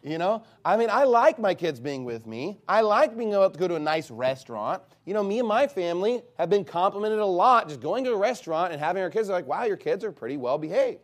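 A man preaching a sermon as a pastor, emphatic, with sudden loud outbursts and big swings in pitch. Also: very animated, fast, few pauses.

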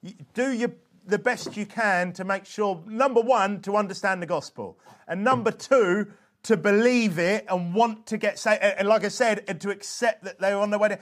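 A man's voice: high voice, moderate pace. A man giving an informal religious teaching talk, earnest and emphatic, often checking in with "okay?" and restarting his phrases. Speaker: evangelism instructor.

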